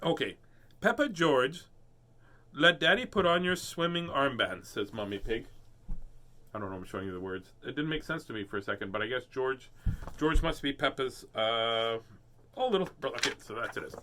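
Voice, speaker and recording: A man's voice: medium pitch, expressive, brisk, fairly bright tone. A man hosting a casual live read-aloud of children's books, playful and goofy, often laughing at himself. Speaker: host reading children's books.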